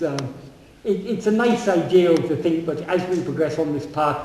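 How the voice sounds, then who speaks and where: A man speaking on spiritual teachings and answering audience questions, often pausing and repeating words as he thinks. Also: a little high, warm tone, slight background noise. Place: meeting room. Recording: echoey hall, far from the mic.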